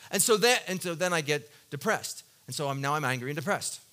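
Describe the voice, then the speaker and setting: A male pastor preaches with a bright, ringing tone, sitting a little higher than most men. He tells a personal story earnestly and confessionally, pushing into loud emphatic bursts and then dropping into soft, low stretches. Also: a little fast, few pauses. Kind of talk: sermon.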